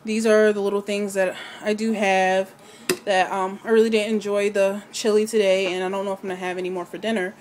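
A woman talking through a casual home video diary, slightly out of breath, hesitant with many pauses and fillers. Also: mid-range voice, little pitch movement, darkish tone, a little hiss or hum. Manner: hesitant, many ums and restarts. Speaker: vlogger.

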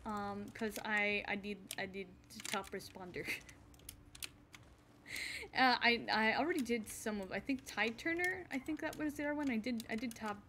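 A woman's voice: on the high side, normal speed, pushed and bright, slight background noise. A woman streamer chatting casually while she plays a game, laughing often and restarting her sentences, her voice a little off today. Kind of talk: casual live-stream chat while gaming.

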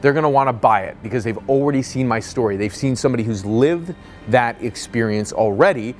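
Soft background music plays behind a medium-pitched man talking a little fast. In the role of a business coach, he delivers an energetic sales lesson built on stories, acting out the people's voices.

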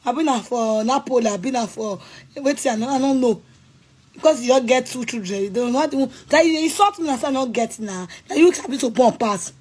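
Shouting Nigerian woman on an angry rant. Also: on the high side, fairly quick, husky, low-quality recording. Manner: loud, scolding and threatening, shouting bursts. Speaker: vlogger.

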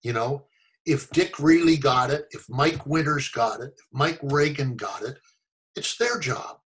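An older American actor telling stories in a casual interview, animated and fond of acting out the voices of people he quotes. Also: mid-range voice, measured pace, poor audio. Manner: animated storyteller, acts out quoted voices, chuckles often. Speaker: actor guest.

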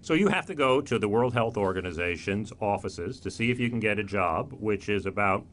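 A man's voice: on the low side, lively intonation, brisk, a bit bright, faint music behind. A man hosting an interview, adding short affirmations and asking guiding questions. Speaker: interview host. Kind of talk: conversational interview.

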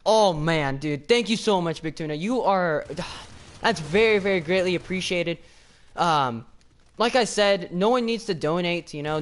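An excitable young man chatting on a live stream, his voice sitting a little high for a man. He stumbles and restarts as he thanks his viewers over and over. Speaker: livestreamer. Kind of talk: casual live-stream chat.

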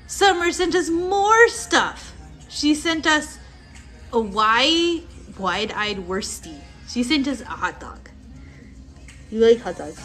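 A woman hosting a casual home livestream with her young child, chatty and playful, laughing often. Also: fairly high pitch. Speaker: livestream host and mother. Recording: livestream with music playing behind. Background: music playing.

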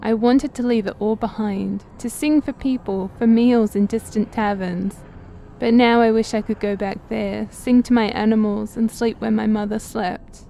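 A woman voicing a possessed young herder, haunted and hungry, pleading with slow broken pauses, low gravelly edges, a mellow dark tone, read aloud for a game playthrough. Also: steady tone, slight background noise.

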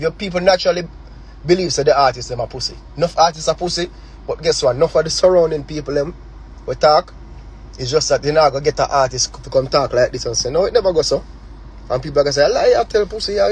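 A man's voice: fairly high pitch, a little hiss or hum, poor audio. A man with a Jamaican accent speaking in patois on a phone livestream, impassioned and confrontational, repeating words and firing rhetorical questions. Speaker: artist on a live stream. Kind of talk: heated direct address.

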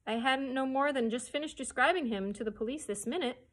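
A woman's voice: sits high, fairly quick, fairly bright tone, pitched above the performer's own voice. A woman reading aloud and voicing a motherly housekeeper with plain, homely speech. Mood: relieved.

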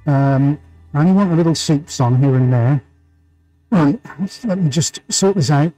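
A chatty man talks viewers through his painting on a live stream. His voice sits a little high, he laughs easily and reads out greetings by name. Soft music plays in the background. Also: moderate pace, low-quality recording. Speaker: livestream painting host.

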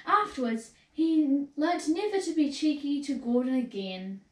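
An unhurried woman with a high voice reads a children's storybook in an expressive, sing-song manner. Far from the mic, she's captured in a room full of echo.

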